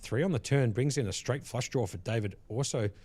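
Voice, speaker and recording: A man commentating a live poker stream from a commentary box on a headset mic, relaxed and chatty, with frequent laughs. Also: medium pitch, brisk, husky, no echo. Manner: easygoing, laughs often, chatty asides.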